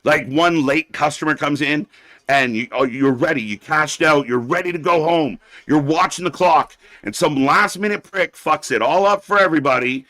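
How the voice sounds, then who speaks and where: Man, fairly high voice, dry close mic; blunt, sarcastic wrestling stream host, swears a lot, heated rants. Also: moderate pace, sharp tone, dry recording. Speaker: live-stream wrestling commentator. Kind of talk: profane ranting watch-along commentary.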